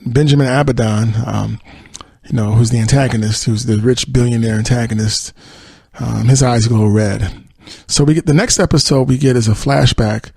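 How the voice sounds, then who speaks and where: A man's voice: medium pitch, a little mellow, slightly rough, dry recording. A male podcast host casually retelling a TV episode, rambling with many fillers and acted-out quotes.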